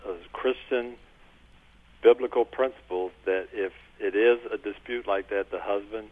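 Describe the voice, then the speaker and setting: Earnest man, measured talk, low voice, tinny phone-line sound. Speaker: guest coach and author. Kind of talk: interview answers.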